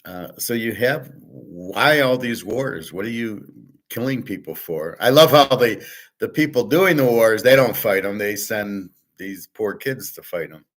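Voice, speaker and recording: A man's voice: fairly low pitch, lively intonation, measured pace. A middle-aged man talking casually and bluntly on his own show, rambling, swearing and restarting his sentences. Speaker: host. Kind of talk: casual monologue on money and markets.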